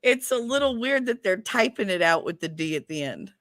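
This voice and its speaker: A woman's voice: medium pitch, big pitch swings, brisk, no room sound. Woman cracking crude jokes, bouncy voice, dry close sound. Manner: loud, laughing, crude banter. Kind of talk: casual chat.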